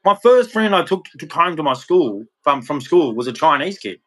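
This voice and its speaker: An Australian man in his thirties speaks in a blunt, heated monologue and swears freely as he vents. His voice sits somewhat high for a man. He talks casually and plainly, without polish. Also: very animated, moderate pace, fairly bright tone. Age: 30s. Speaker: vlogger.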